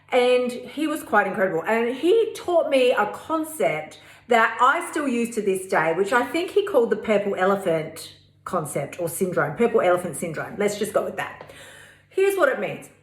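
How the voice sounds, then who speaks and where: A woman's voice: mid-range voice, fairly bright tone. A woman hosting her own podcast, chatty and frank, with slang and swearing. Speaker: podcast host. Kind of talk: energetic solo podcast talk. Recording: roomy echo.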